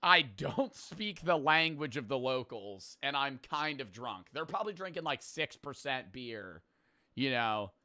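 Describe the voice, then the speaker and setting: A young man streaming, giving excitable, profane, rambling commentary as he reacts to a video. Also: mid-range voice, measured pace.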